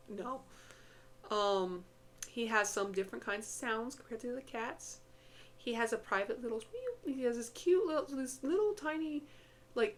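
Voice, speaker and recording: A chatty woman at home talks casually about her cats and slips into affectionate baby talk. Her voice sits in a middle register, and faint noise hangs underneath. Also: mid-range voice. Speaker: pet vlogger. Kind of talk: casual vlog chat. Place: home, indoors.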